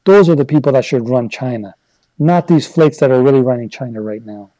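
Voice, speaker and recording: A man's voice: mid-range voice, brisk, mellow, no echo, rough recording. A man from Canada hosting a casual livestream, reading viewer chat and rambling into heated rants. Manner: conversational, rambling, gets worked up into rants.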